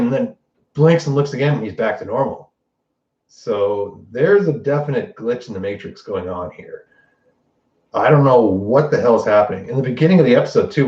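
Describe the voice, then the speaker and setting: A man casually recapping a TV episode, excited and swearing, acting out quick quoted lines. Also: mid-range voice. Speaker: podcast host. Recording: distant roomy lo-fi mic.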